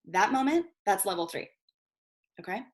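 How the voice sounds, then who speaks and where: A chatty woman teaches a marketing workshop over a video call, in a middling voice. She swears casually and keeps checking in with her listeners with a quick "okay?". Her tone is loose and unscripted, like a relaxed online class. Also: mid-range voice. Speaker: guest marketing coach.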